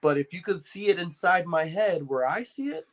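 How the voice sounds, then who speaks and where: Man, podcast host, casual, rambling, swears, slightly high-pitched voice. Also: expressive, moderate pace. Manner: laid-back, says "dude" and "like" constantly, swears.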